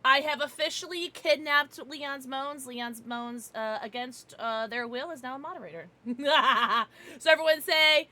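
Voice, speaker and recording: A young woman chatting casually on her gaming livestream, giggly and bubbly with loud, excited greetings. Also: fairly high pitch, a little slow, very noisy. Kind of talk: casual gaming stream chat.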